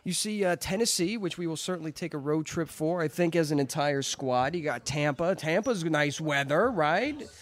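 An excitable sports talk host, a man with a fairly high voice. He keeps tripping over his own words, restarts constantly, and teases his guests as he goes. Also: moderate pace, few pauses. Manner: excitable, stammering restarts, playful teasing. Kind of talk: lively sports talk show.

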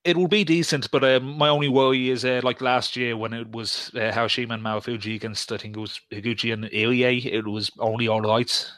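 A man's voice: medium pitch, little pitch movement, brisk, hardly any pauses, fairly bright tone, no room sound. A man in casual podcast chat, talking hesitantly with many fillers and restarts.

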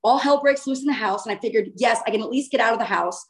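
A young woman casually and animatedly recounting a vivid dream, informal and quick to swear. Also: a little high.

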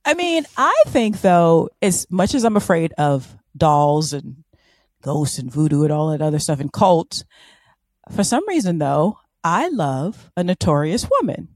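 A woman co-hosting a podcast, chatting casually and telling a story in an animated, playful way. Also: low-pitched, a little slow, no echo, clean studio sound. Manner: animated, playful, fond of silly voices. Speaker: podcast co-host.

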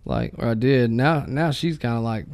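A man's voice: medium pitch, moderate pace, gravelly, darkish tone. A man in casual chat, joking crudely and swearing freely about parenting and games.

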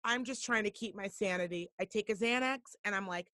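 A woman hosting a talk show, telling a story in a blunt, profane and animated way. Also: mid-range voice, brisk, dry recording, studio quality. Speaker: podcast host. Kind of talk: casual storytelling.

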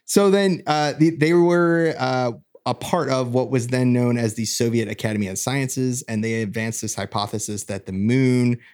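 A man's voice: medium pitch, steady tone, moderate pace, a little mellow, clean tone. A man co-hosting a casual podcast, explaining science at length with many fillers and restarts.

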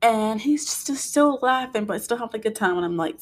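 A young adult woman, a mother, telling a story in a casual, animated way and acting out what people said. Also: on the high side, brisk. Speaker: vlogger, mother.

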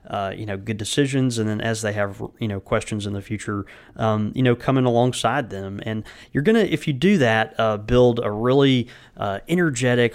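A man's voice: fairly low pitch, smooth. Easygoing male podcast host, lots of ums. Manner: halting, full of fillers and restarts, laughs easily. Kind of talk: casual podcast chat and sponsor read.

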